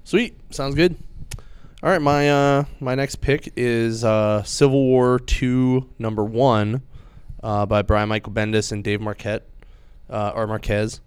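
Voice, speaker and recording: A man's voice: medium pitch, fairly even intonation, unhurried, smooth, no room sound. A man casually and enthusiastically retelling a comic book's story on a chat show, full of "like" and "uh" fillers. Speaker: comic book podcast host.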